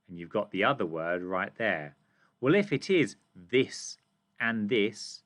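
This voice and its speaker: A man's voice: fairly low pitch, a bit bright. A British man teaching a reading comprehension lesson to children, asking questions and reading lines aloud with emphasis. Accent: British English. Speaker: primary school teacher.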